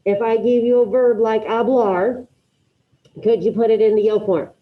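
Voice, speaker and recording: This high school Spanish teacher runs her class online at a normal speed, her voice on the high side and her intonation fairly even. She picks students by name and encourages what they say, heard through dull lo-fi video call sound.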